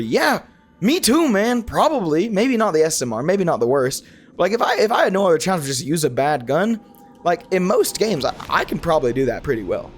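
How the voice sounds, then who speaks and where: Here a young man's game commentary wanders and stays animated, full of self-corrections and restarted lines, as a gaming YouTuber should. The voice is highish and fairly quick, over a little hiss or hum.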